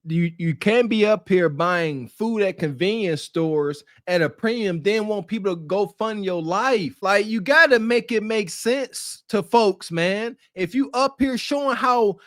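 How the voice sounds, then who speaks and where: A man's voice: high voice, a little slow, few pauses, no room sound, studio quality. A man co-hosting a podcast, giving blunt, slangy, preachy commentary. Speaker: podcast co-host.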